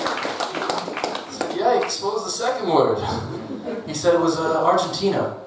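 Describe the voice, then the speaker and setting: A male stand-up comedian with a slightly high voice performs a set on a comedy club stage, delivering deadpan lines with laughing asides. A distant mic picks him up, with roomy echo and audible club noise.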